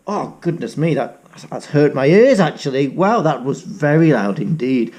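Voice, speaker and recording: A middle-aged teacher reading a picture book aloud to young children, coaxing them to join in. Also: male voice, fairly high pitch, lively intonation, normal speed, few pauses, darkish tone.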